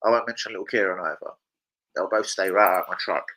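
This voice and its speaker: Bright-voiced sweary man streaming. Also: sits low, fast talker, rough recording. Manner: swearing, banter with chat. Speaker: livestreamer. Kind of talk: casual live-stream chat.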